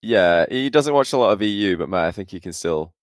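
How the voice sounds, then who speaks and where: A man's voice: deep voice, animated, fairly quick, no room sound, studio quality. A man co-hosting a podcast, chatting casually and joking with frequent laughs. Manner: jokey, laughs often. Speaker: podcast co-host. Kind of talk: casual chat.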